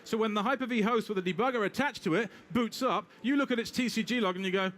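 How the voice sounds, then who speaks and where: A British man giving a live technical talk with a demo, brisk and wry, talking straight to the audience. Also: high-pitched, a bit bright. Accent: British English. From Britain. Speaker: technical presenter.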